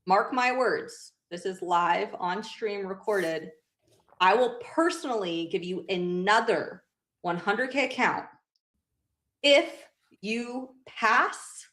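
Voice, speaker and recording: A woman's voice: medium pitch, slow pace, fairly bright tone. A woman co-hosting a live stream, chatting casually and making playful jokes. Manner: playful, jokey. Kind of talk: casual chat.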